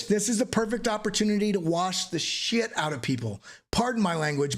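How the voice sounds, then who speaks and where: A man hosting a live crypto trading stream, joking and energetic as he walks through charts, swearing casually now and then. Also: high voice. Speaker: crypto trading channel host.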